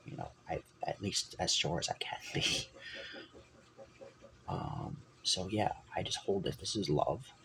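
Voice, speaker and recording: A man's voice: low-pitched, sing-song, measured pace, vocal fry, sharp tone, a little hiss or hum, poor audio. A man talking on his own channel in a meandering, self-correcting way, sometimes dropping almost to a whisper. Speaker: channel host. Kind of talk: rambling personal vlog talk.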